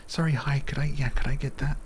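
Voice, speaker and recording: A man putting on a high-pitched, apologetic public voice to sound non-threatening. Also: steady tone, quick pace, a little hiss or hum, close to an everyday voice. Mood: timid apologetic.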